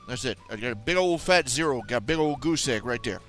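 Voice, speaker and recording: A man hosts a live stream on his own, chatting in a loose, rambling way with goofy mangled grammar. He drifts into low mutters while he tweaks settings. Faint background music plays under his voice. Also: expressive, quick pace, hardly any pauses, a bit bright. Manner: rambling and playful, with silly mock grammar and put-on accents; mumbles to himself while fiddling with settings. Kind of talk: casual solo live stream chat.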